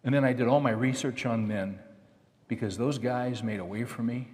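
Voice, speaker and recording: A man's voice: mid-range voice, moderate pace. A middle-aged man, a pastor preaching a conversational, storytelling sermon. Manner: conversational, acts out quoted dialogue with lively shifts. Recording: long reverb of a large hall.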